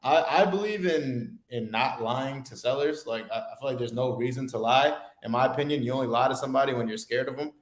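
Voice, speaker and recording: A laid-back, slangy man co-hosts a casual talk show and laughs easily. His mid-pitched voice rings out in a roomy, echoey space. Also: brisk, few pauses. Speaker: co-host. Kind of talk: casual podcast chat. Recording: roomy echo.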